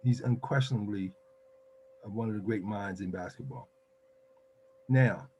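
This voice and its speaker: A man's voice: fairly low pitch, unhurried, pauses often, dark tone, breathy edge. Enthusiastic older man hosting. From Philadelphia, United States. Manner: enthusiastic, emphatic introducer. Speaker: host. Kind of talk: casual interview.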